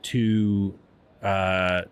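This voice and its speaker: A man's voice: low-pitched, flat delivery, extremely slow, clean tone. A man co-hosting a podcast, talking reflectively and searching for words in casual chat. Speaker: podcast co-host.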